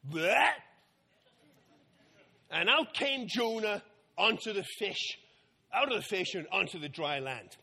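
A man tells a Bible story to a group of children, playing out the characters as he goes. His voice sits very high and bright. The delivery is animated, with lots of swing in pitch. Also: slow pace, gravelly, pauses often, slightly rough. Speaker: children's talk leader.

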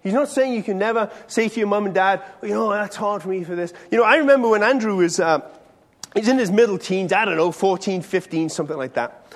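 A man's voice: high-pitched, fast talker. A middle-aged man giving a sermon as pastor, speaking conversationally and putting questions straight to his listeners. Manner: conversational, questions the audience directly. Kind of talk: sermon to a congregation. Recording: long hall reverb.

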